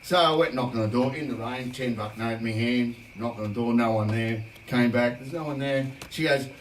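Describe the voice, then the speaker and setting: A man's voice: mid-range voice, fairly quick, recorded from a distance, a little hiss or hum. An Australian man spins a rambling, chatty anecdote as he hosts a livestream, his voice set back from the mic in a roomy space. Guitar music faintly sits behind him. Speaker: band singer hosting a livestream. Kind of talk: casual storytelling chat.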